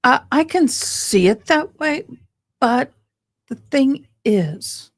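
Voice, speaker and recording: A tired, grieving woman hosting a casual livestream chat, talking slowly with frequent pauses and ums. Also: high voice, expressive. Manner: slow, meandering, with frequent ums. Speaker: livestream host.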